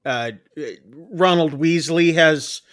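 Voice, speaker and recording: A man's voice: a little high, slow, fairly bright tone, smooth. A man casually recapping a movie plot on a podcast, rambling with many fillers and acting out quoted lines. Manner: rambling, lots of ums and uhs, acts out quoted lines. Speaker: podcast co-host recapping a film.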